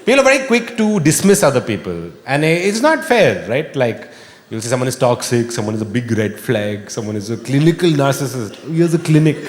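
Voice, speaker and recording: A man doing a stand-up comedy set on stage, wry and animated, sometimes bursting into shouting. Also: medium pitch, a little fast. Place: live comedy venue with audience laughter. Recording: echoey live room with long reverb. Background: audience laughter and room ambience.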